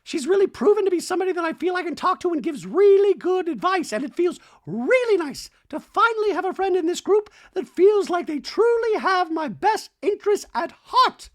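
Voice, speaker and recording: A man putting on the voice of a dramatic, emotional woman reality star, high and gushing. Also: big pitch swings, fairly quick, hardly any pauses. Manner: melodramatic, swooping up in pitch.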